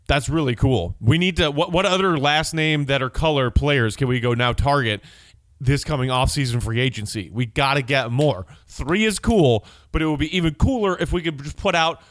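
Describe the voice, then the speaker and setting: A man hosting a solo sports podcast, chatting casually and excitably and reading listener texts aloud. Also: fairly high pitch, normal speed, no echo. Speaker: podcast host.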